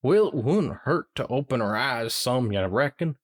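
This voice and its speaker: A man's voice: medium pitch, animated, moderate pace, close to an everyday voice. A man voicing a down-home country pony girl who talks in a folksy drawl. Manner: folksy drawl, y'all and reckon.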